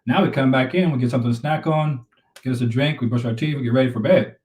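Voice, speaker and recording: A man's voice: mid-range voice, fast, darkish tone, recorded from a distance. Man, relationship coach on a live stream, earnest and repetitive, recorded a little off-mic in a roomy space. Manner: earnest, repeats himself, advice-giving.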